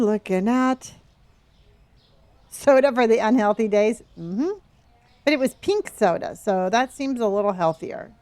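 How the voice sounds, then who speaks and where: A woman with a slightly high-pitched voice streams a game in a casual, chatty way. She keeps up playful, gently teasing commentary and thanks viewers by name, calling them honey and dear. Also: expressive, moderate pace, no echo. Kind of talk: casual live-stream chat while playing.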